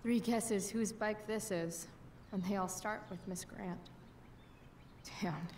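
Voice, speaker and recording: An actress voicing a rebellious, sarcastic teenage girl in a video game, with a low sardonic drawl. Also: slow pace, darkish tone, slight background noise, close to an everyday voice.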